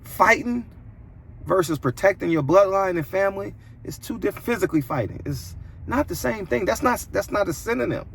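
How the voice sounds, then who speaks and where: A man delivering an opinionated commentary monologue as a boxing commentator, preachy and emphatic, his voice jumping higher when indignant. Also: animated, brisk, gravelly, fairly bright tone, breathy edge.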